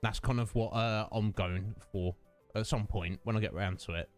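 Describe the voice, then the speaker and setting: A man's voice: lowish voice, steady tone, normal speed, soft background music. A man, chatting casually with his livestream viewers, greeting them by name and laughing often. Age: 30s. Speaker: streamer.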